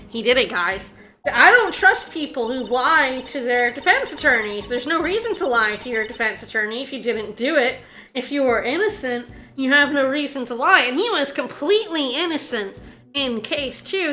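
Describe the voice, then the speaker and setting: Woman streamer, high bright voice, excitable, keeps repeating herself, faint game music behind. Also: moderate pace. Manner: excitable, insistent, repeats herself, laughs often. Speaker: streamer playing a video game. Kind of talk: casual game commentary to chat.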